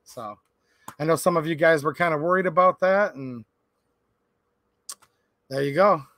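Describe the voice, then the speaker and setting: A man in his thirties talks casually to his viewers on a livestream, his voice sitting a little higher than most men's. He rambles through a story with plenty of "like" and restarts. The sound is dry and close, with no room echo. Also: measured pace, fairly bright tone. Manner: rambling storytelling with many fillers. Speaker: livestream host.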